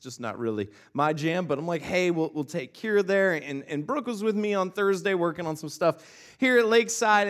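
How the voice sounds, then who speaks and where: In a church sanctuary, a male pastor in his thirties preaches a sermon, telling a funny personal story packed with repeated words before turning to scripture. His voice sits high and sounds a bit bright.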